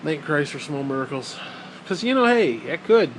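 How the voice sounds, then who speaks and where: A man's voice: on the high side, sing-song, moderate pace, a little hiss or hum, poor audio. A man in his forties ranting in a rambling, sarcastic, profane monologue as a vlogger.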